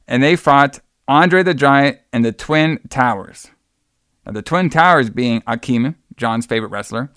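A man's voice: medium pitch, a bit bright, dry recording, clean studio sound. A man hosting a casual podcast chat, enthusiastic, rambling and profane. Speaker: podcast host.

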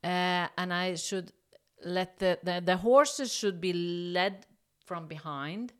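A smooth, fairly low voice belongs to a middle-aged Norwegian interview guest recounting a story in English. She speaks slowly and hesitantly, with lots of fillers and restarts, but perks up acting out the dialogue.

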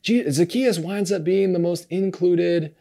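A pastor, his voice sitting high and unhurried, retells a story during a sermon. He speaks in a relaxed, conversational way, often repeating himself and restarting his words.

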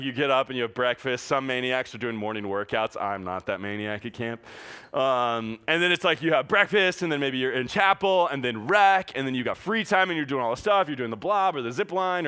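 A young man speaking as a youth pastor tells a camp story in a bright, ringing voice. His talk is animated and loose, packed with fillers and laughter. His pitch sits right in the middle for a man. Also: clean tone. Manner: animated, filler-heavy, laughing through the telling.

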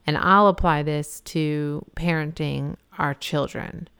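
A woman in her thirties co-hosting a casual faith discussion, speaking in a reflective, measured way. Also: low-pitched, steady tone, a bit bright, clear, resonant tone. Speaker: podcast co-host.

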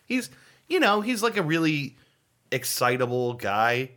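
A man's voice: on the high side, big pitch swings, measured pace, a bit bright. A man co-hosting a podcast, chatting casually and rambling with lots of fillers and laughter. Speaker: podcast co-host. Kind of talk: casual chat.

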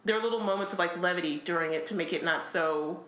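A woman's voice: on the low side, fast, fairly bright tone, reverberant. A woman co-hosting a podcast, chatting casually about a book, with frequent laughs and fillers. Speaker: podcast co-host.

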